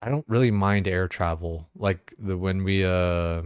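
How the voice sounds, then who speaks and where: Deep-voiced rambling, swearing streamer. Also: male voice, fairly even intonation, measured pace, clean tone, dry recording, clean studio sound. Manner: rambling, profane, full of fillers like "like" and "you know". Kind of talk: casual chat.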